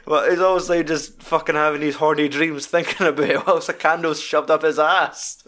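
A man's voice: a little high, moderate pace. A young man in casual film chat as podcast co-host, animatedly retelling scenes with lots of swearing. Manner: animated storytelling, sweary, quoting scenes in put-on voices.

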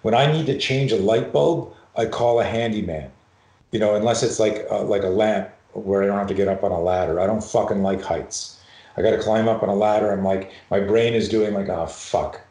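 Low-voiced man telling stories in an echoey room. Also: brisk. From Canada. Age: middle-aged. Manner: animated, profane, acts out voices in his anecdotes. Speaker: podcast guest, self-defense and fear expert. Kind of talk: storytelling in a podcast conversation.

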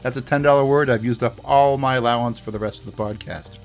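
A man's voice: medium pitch, steady tone, quick pace, faint music behind. A man with a Boston accent hosting a podcast, chatting casually in a joking, rambling, self-mocking way. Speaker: podcast host.

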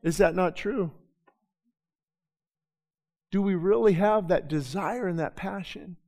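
Here a man's high-sitting voice preaches slowly to a congregation in a church sanctuary. What begins as conversational talk grows into impassioned, urgent pleading that moves from quiet to loud, full of restarts and repeated words. The recording has the long echo of a big hall.

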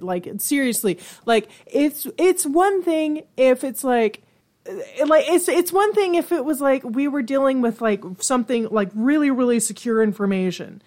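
Young woman, slightly high voice, heated and foul-mouthed podcast co-host. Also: expressive, moderate pace. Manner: profane, ranting, heated. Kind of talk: casual chat.

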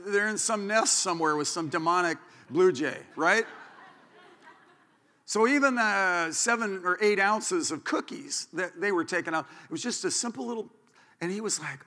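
A man's voice: high voice, normal speed. A man preaching a sermon as pastor, telling stories with joking asides. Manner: animated storytelling, joking asides. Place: church sanctuary. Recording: church hall reverb.

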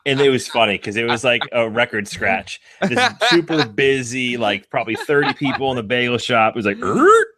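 A man co-hosting a podcast, telling a halting, repetitive story in casual chat about his daughter. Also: mid-range voice, bright, forceful tone. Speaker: podcast co-host.

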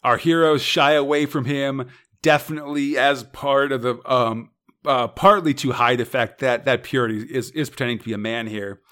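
A man's voice: mid-range voice, fairly even intonation, normal speed, fairly bright tone, clear, resonant tone. A man co-hosting a podcast, recapping comic stories in a casual way with playful asides. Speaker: podcast co-host.

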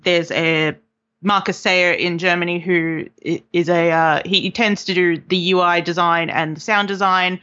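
Young aussie woman guest, kinda halting, lots of ums, bright voice, slightly dull audio. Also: lowish voice, steady tone. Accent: Australian. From Australia. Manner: hesitant, many ums and restarts. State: recovering from a cold. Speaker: podcast guest, game developer. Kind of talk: casual interview chat.

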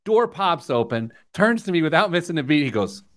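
A man's voice: on the high side, fairly quick. A man hosting a radio show, telling stories and joking in casual chat from a studio. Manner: lively storytelling, joking. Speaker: host.

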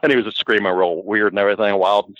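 A man's voice: lowish voice, fairly even intonation, fast talker, a bit bright, no echo, dull audio. A man guest on a podcast, telling rambling anecdotes in a casual way and acting out quotes. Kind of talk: casual storytelling.

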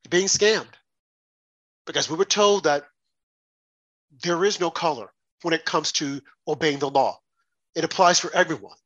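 Talk radio host, male, husky and bright-toned, indignant and emphatic, rhetorical monologue. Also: a little high, moderate pace, long pauses, lo-fi sound.

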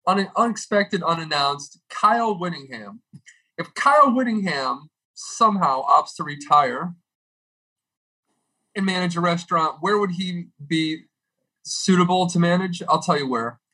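Young male podcast regular, comic rant, bright tense tone. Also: sits high, measured pace, rough recording. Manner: animated, exaggerated comedic delivery with swearing. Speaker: podcast regular with a comedic food segment.

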